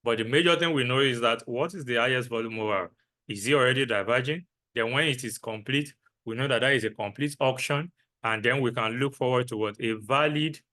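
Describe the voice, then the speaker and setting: A man's voice: mid-range voice, a bit bright. A man teaching a trading lesson, repeating key phrases and answering his own questions. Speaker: trading instructor. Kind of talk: lecture with repetition.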